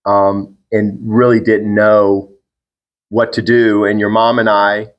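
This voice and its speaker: A middle-aged father hosts a podcast with his son in a casual conversation, sounding earnest, encouraging, and reflective. His voice is fairly low, flat, and slow. The sound is lo-fi.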